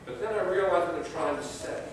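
A man's voice: on the high side, a little fast, slight background noise. Brief: male pastor, folksy humorous sermon delivery, caught from afar in a very reverberant sanctuary. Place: church sanctuary. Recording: distant mic in echoey church.

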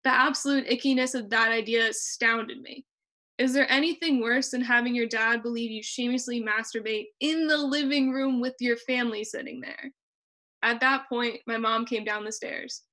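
A young woman reading her own personal essay aloud over a video call, in a measured and expressive way. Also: fairly high pitch. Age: young adult. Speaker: student reader.

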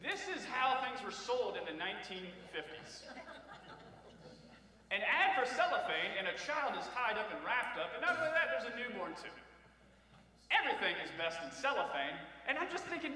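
Man, Ohio accent, sermon, high bright voice, distant echoey church hall. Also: very animated, normal speed. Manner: storytelling with humor and asides to the congregation. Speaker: preacher. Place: church sanctuary.

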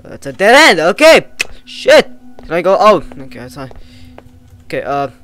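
A man giving casual, excitable let's-play commentary on a horror game, swearing, jumpy and talking back to the characters. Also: high-pitched, normal speed, faint music behind. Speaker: gamer playing a horror game.

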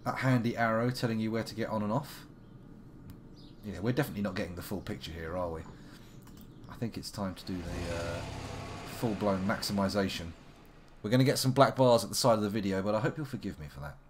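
A man's voice: fairly low pitch, a little fast, slight background noise. A man from the United Kingdom giving casual gameplay commentary as a streamer, wry and self-mocking, with frequent fillers. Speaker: game streamer.

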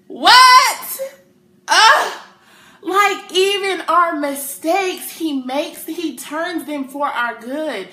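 A young adult woman sharing a personal faith testimony with excited emphasis and casual slang. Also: a little high. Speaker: testimony speaker. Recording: echoey room.

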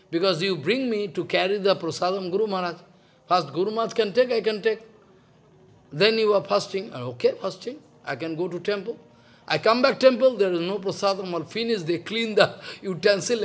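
A man's voice: sits high, fairly bright tone. Older man giving an emphatic devotional lecture. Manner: broken English, repetitive, emphatic. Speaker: spiritual teacher.

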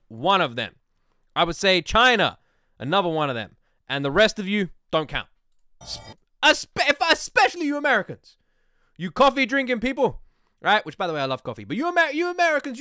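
Animated British man ranting playfully. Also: fairly high pitch, no echo, studio quality. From Britain. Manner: animated, joking rants with swearing. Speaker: anime reaction host. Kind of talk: casual reaction commentary.

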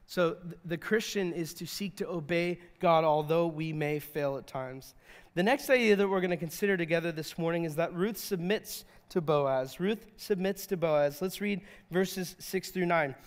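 A high-voiced man preaches from the pulpit in an animated, conversational way, often stumbling and restarting as he goes. His voice carries a long reverb, as if he is in a large church sanctuary. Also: moderate pace. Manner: animated, repeats and restarts words, acts out quotes. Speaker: pastor. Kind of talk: sermon.

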